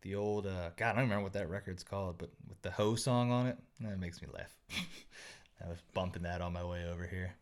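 A man's voice: low voice, brisk. A young man chatting loosely on a podcast, rambling and laughing often. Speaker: podcast co-host. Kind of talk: casual chat.

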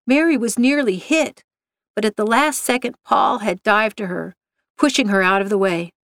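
A woman's voice: medium pitch, moderate pace, a bit bright, no room sound. Woman narrator reading a story, dry close sound. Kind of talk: reading a short story aloud.

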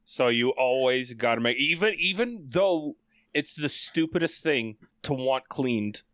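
A man's voice: medium pitch, lively intonation, measured pace, a bit bright, smooth, no echo, studio quality. A young man talking bluntly and with swearing in a casual chat among friends.

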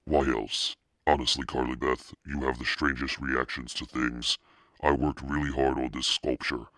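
A man reading aloud, voicing an energetic, insistent mother who talks briskly. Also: a bass voice, no room sound, clean studio sound. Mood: hurt. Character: energetic, fast-talking artist mother.

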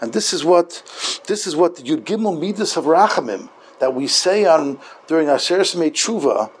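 A man, a rabbi, gives a sermon built around a story, speaking in halting phrases with frequent restarts. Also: a little high, animated, slightly rough.

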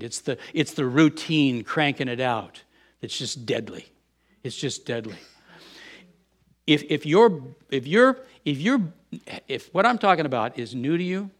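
Middle-aged guy preaching, kinda high voice, keeps repeating himself and then gets loud. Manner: repeats words and restarts, rises to loud bursts. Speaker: pastor. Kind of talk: sermon.

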